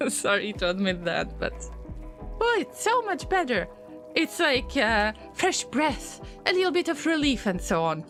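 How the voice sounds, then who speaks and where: A woman streaming a game, chatting casually with viewers, easily distracted and prone to sudden excited alarm. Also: sits high, measured pace, soft background music. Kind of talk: casual live-stream gameplay commentary.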